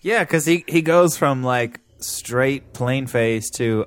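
A man's voice: medium pitch, fairly even intonation, a little slow, hardly any pauses. Blunt man critiquing a film. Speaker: podcast co-host. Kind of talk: casual movie discussion.

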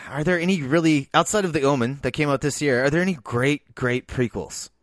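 A man's voice: a little high, brisk, dry recording, studio quality. A man in his forties hosting a casual film podcast, teasing and laughing easily. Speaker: podcast host and film editor.

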